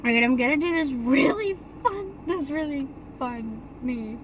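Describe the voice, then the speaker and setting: A woman's voice: high-pitched, expressive, measured pace, noisy background. Bossy teenage girl with big swings. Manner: bossy, teasing, loud outbursts and giggling. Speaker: daughter doing makeup. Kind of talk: casual playful banter.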